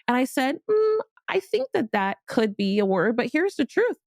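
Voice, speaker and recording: A woman's voice: high voice, sing-song, moderate pace, no echo, clean studio sound. A middle-aged woman from Miami hosting a podcast, giving a candid, playful motivational monologue with casual swearing. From Miami, Florida. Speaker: podcast host.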